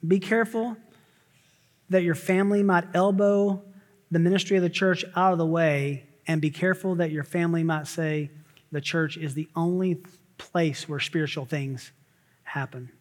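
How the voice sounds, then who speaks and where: A pastor with a notably high voice preaches a sermon from the pulpit, speaking emphatically with sharp rising exclamations and quick asides. His intonation stays fairly even overall, and his words echo with a long reverb through the church sanctuary.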